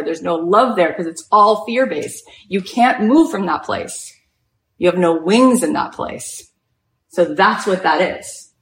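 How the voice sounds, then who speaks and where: A woman hosting a podcast, giving an inspirational talk and telling a story with lots of "like" in her speech. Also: fairly low pitch. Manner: animated storytelling, heavy use of "like". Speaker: podcast host and retreat leader. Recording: echoey room.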